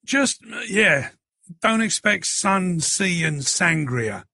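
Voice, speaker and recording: A man's voice: high-pitched, expressive, takes it slowly, creaky, bright, forceful tone, dry recording, studio quality, full character voice. A man reading an audiobook plays a laid-back middle-aged man, bemused by technology.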